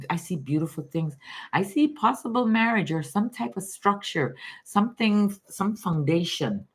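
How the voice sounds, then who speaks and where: A woman's voice: lowish voice, husky. A woman from Guyana giving casual live tarot readings, calling viewers baby and darling in an affectionate way. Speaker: tarot reader on a live stream.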